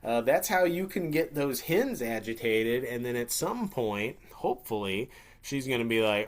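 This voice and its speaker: A man's voice: mid-range voice, expressive, moderate pace. Man teaching turkey hunting casually. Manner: conversational, acts out turkey scenarios with playful voices. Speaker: hunting instructor. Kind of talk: webinar lesson.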